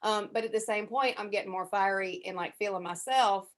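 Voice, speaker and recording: A woman's voice: mid-range voice, a little fast. A woman chatting casually in a group class, talking with many fillers and acting out what others said. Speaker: class participant. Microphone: headset.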